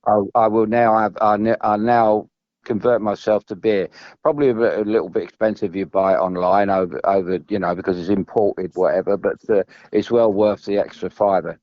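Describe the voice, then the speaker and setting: A man's voice: lowish voice, steady tone, brisk, dry recording, lo-fi sound. A man, a former footballer telling long, meandering stories as a podcast guest, restarting and repeating himself. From England. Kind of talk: rambling storytelling.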